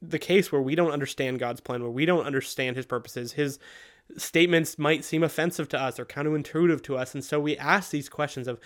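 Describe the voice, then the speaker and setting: A man's voice: a little high, brisk. A man co-hosting a podcast who leads the discussion with questions in a chatty, upbeat way. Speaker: podcast co-host. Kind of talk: casual theological discussion.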